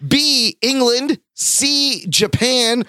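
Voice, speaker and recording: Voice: high voice, very slow, bright, forceful tone, clean tone, dry recording. A playful quiz host reading out questions and teasing the contestants in a comedy show. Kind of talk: comedy game show hosting.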